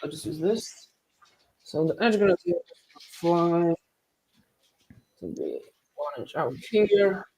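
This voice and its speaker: A man's voice: on the high side, big pitch swings, slow pace, vocal fry, long pauses, a little mellow, breathy edge, low-quality recording. A man playing a tabletop wargame, mumbling to himself as he moves pieces.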